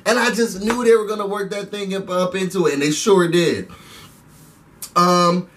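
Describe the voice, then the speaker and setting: A high-pitched man rants casually through a reality TV recap. He is animated and keeps calling his viewers y'all. His voice sits a little back from the microphone. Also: normal speed, far from the mic, slight background noise. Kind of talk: casual recap rant to camera.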